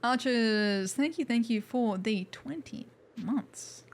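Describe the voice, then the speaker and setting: A woman's voice: fairly high pitch, slow pace, a little hiss or hum. A woman streaming a video game, chatting casually, thanking viewers and making wry asides. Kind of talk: casual livestream commentary.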